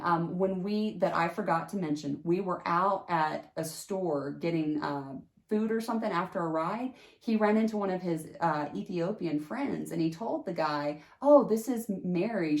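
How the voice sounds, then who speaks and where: Host, female, lower voice, lively storyteller, roomy sound. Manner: animated, jumps into high pitch acting out quotes. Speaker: podcast host telling a personal story. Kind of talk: casual storytelling.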